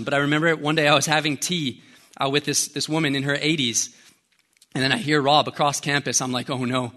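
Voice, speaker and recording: Animated, bright-voiced young preacher. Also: male voice, a little high. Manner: animated, storytelling, casual slang. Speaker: pastor. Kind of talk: conversational sermon.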